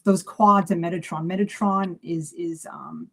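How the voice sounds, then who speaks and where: Chatty woman telling animated stories. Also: on the low side, unhurried, creaky. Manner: animated storyteller acting out dialogue; chatty with many fillers and restarts. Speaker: psychic medium. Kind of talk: casual live video chat.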